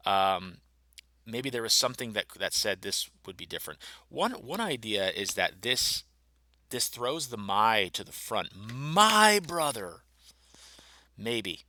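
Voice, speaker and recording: A man's voice: on the low side, animated, a little slow, bright, forceful tone, no echo. A man, a pastor, thinking aloud through a Bible passage, musing and explaining its grammar step by step.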